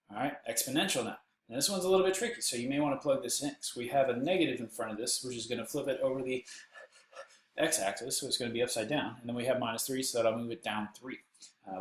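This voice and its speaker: A man's voice: medium pitch, fast talker, echoey room, slight background noise, rough recording. A man with a Texan accent teaching a recorded math lesson while seated, with playful jokes and silly voices on the side. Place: indoors, seated.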